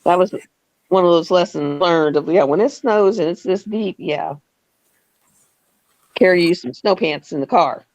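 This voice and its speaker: A woman's voice: lowish voice, a little slow, long pauses, a little mellow, no room sound, muffled recording. A woman in her fifties hosting a live stream, telling stories in a chatty way with laughs and acted-out quotes. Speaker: host. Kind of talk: casual storytelling chat.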